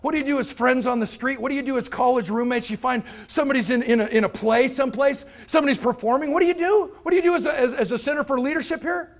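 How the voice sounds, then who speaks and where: A man giving a motivational lecture to a live audience, telling an anecdote and acting out the people in it with lively changes of voice. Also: extremely high pitch, fast, few pauses. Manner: animated, acts out characters' voices. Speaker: motivational speaker. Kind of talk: storytelling keynote lecture.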